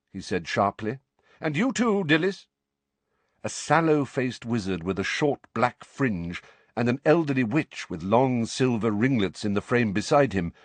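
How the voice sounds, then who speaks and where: Male audiobook narrator, low and animated, close dry recording. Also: no room sound. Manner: expressive, varied delivery. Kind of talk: scripted narration.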